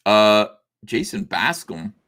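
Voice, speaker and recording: A man's voice: lowish voice, very animated, slow pace, a bit bright. A middle-aged man hosting a casual livestream chat, hesitant with many fillers and laughing often. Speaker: livestream host.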